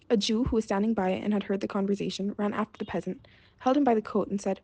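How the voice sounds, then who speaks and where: A woman storyteller reading a fairy tale aloud in a steady, measured way. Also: medium pitch, breathy edge, no echo, lo-fi sound.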